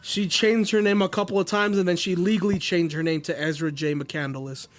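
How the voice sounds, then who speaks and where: A man's voice: high-pitched, fairly even intonation, a little fast. A man hosting a podcast, casually recounting a murder case, swearing and joking, while feeling under the weather. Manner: reads case notes loosely, swears, laughs often. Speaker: podcast host. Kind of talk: casual true-crime chat.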